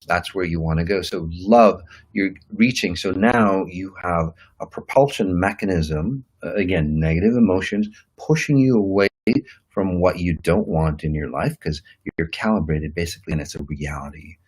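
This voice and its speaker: Self-help teacher, man, very low husky voice, loose rambling delivery full of fillers. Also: moderate pace, low-quality recording. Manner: acts out quoted inner voices. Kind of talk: motivational talk to an online audience.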